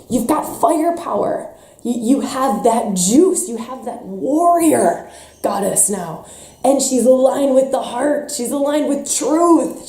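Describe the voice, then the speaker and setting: Woman workshop teacher, stuffy nose, fierce and emphatic delivery, high mellow voice, roomy echo. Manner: intense and emphatic, with mocking put-on quotes. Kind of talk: impassioned teaching talk.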